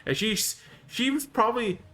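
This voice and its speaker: A man running a tabletop game as game master, describing scenes in halting, often restarted sentences. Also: very high voice, bright, forceful tone. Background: faint music.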